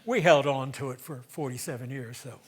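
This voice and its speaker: A man's voice: mid-range voice, a little fast, a crowd in the background. Older man telling a story onstage. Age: 70s. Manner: conversational, swings between loud emphasis and hushed asides. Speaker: solo stage performer. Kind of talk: theatrical storytelling monologue. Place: theater stage.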